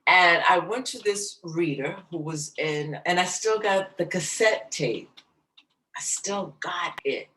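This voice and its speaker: A middle-aged woman, a jazz singer as guest, slowly and emotionally telling a personal story in an interview. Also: on the low side, echoey room, distant mic, poor audio. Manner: slow, soft, emotional recounting. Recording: voice slightly off-mic, faint background noise.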